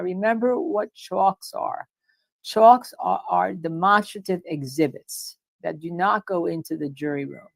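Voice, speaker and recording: A woman with a strong New Jersey accent hosts a casual livestream, her voice low and gravelly. She talks in an animated, repetitive way and reads chat comments aloud. The sound is dry and close, with no room echo. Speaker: livestream co-host discussing a court case.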